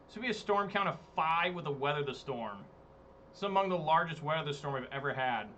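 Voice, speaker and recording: A man's voice: on the high side, animated, fairly quick, a bit bright, a little hiss or hum. A man streaming a card game, giving casual, exasperated commentary, swearing and talking to his chat. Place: home room, hot day.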